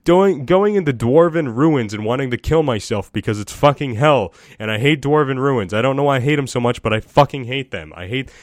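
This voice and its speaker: A man's voice: medium pitch, fairly quick, few pauses, no room sound, studio quality. A man talking casually and at length about video games, swearing often and mocking himself. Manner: profane, self-deprecating, excitable. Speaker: gaming vlogger. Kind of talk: casual rambling monologue.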